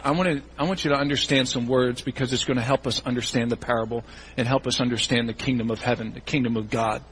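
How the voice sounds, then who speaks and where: A male pastor giving a sermon in a church, animated and acting out the voices of churchgoers in quick asides. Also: medium pitch, slight background noise, rough recording.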